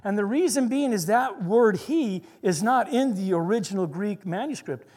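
A man preaching a sermon in an earnest way, slowing down to stress each point. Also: sits high, expressive, a little mellow, long reverb tail. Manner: earnest, slows down to stress scripture.

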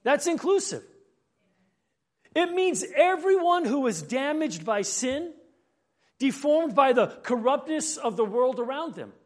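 A man's voice: extremely high pitch, sing-song, measured pace. A man preaching a sermon in an earnest way, often repeating words as he gathers his thoughts. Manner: earnest, building and falling in emphasis; repeats words when thinking.

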